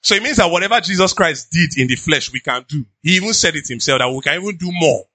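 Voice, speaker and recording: Man, Nigerian accent, pastor preaching, bouncy lively pitch, dry close sound. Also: fast talker, dry recording. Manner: animated conversational preaching with pidgin asides. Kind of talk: sermon.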